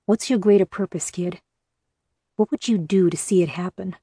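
A woman reading the lines of a grim, pragmatic male captor who talks in a steady, matter-of-fact way. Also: on the low side, moderate pace, slightly rough, no room sound, studio quality. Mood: cold.

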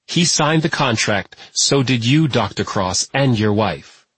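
A man voicing a stern, firm school headmistress in an audiobook, in a husky, dry tone. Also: medium pitch, expressive, fairly bright tone, no echo, exaggerated voice. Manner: firm, measured, clipped.

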